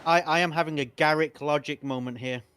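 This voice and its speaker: A man's voice: a little high, fairly even intonation, a little fast, fairly bright tone, smooth. A British man playing a tabletop game, joking and giggling. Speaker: player. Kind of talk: casual chat at a game table.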